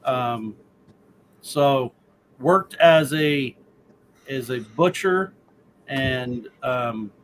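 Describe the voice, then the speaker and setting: A man's voice: medium pitch, very slow, pauses often, a little hiss or hum, low-quality recording. A man in a casual group chat, rambling with many fillers.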